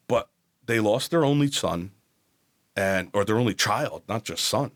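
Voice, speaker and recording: A man's voice: medium pitch, moderate pace, a bit bright. A man in his forties from New Jersey, a podcast guest telling his life story candidly, blunt and profane. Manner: blunt, profane, acts out quoted voices.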